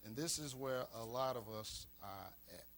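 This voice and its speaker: A man's voice: medium pitch, moderate pace, a bit bright, a little hiss or hum. A man pastor preaching a sermon, repeating key lines for emphasis. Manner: preaching with call-and-response emphasis and repetition.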